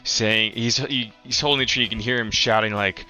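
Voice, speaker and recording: A man narrating and explaining rules as game master of a tabletop game, with many pauses and fillers. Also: lowish voice, steady tone, sharp tone, soft background music. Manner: halting, filler-heavy explaining.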